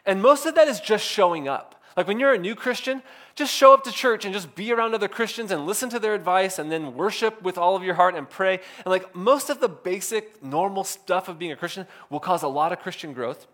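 Casual, slightly high-voiced male pastor. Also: brisk, a bit bright. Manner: casual, filler-heavy with frequent "like". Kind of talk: conversational sermon.

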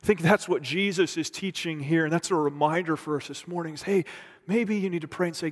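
A man preaching a sermon as pastor, swinging between loud emphasis and hushed, near-whispered lines. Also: on the high side, brisk. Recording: long reverb from a large hall.

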